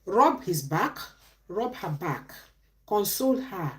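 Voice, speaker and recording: A woman's voice: mid-range voice, sing-song, slow pace, a bit bright. A middle-aged woman, giving relationship advice on a live stream in a preachy way, asking questions and answering them herself.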